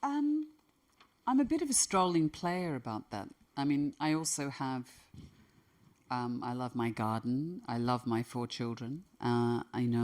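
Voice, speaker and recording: Actress in her 50s, super low voice, thoughtful, trips over her words a lot. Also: a little mellow. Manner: thoughtful, restarts phrases often. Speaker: interview guest, actress. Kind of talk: conversational interview.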